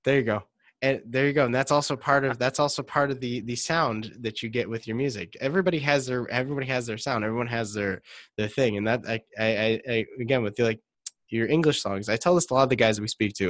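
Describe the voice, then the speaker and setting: A man's voice: mid-range voice, no echo. A man hosting a casual interview, chatty and prone to repeating himself as he asks questions. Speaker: interview host.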